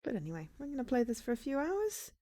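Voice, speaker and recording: Chatty, animated woman streaming a game. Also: sits high, quick pace. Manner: chatty, animated, reads game text aloud. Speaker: streamer playing a visual novel. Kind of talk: casual let's-play commentary.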